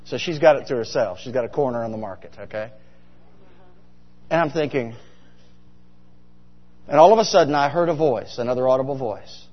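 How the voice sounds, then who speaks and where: A middle-aged pastor speaks fairly quickly in an expressive, medium-pitched voice, pausing often. His sermon is humorous and story-filled, delivered chattily with frequent questions for the congregation. Dull sound, long hall reverb.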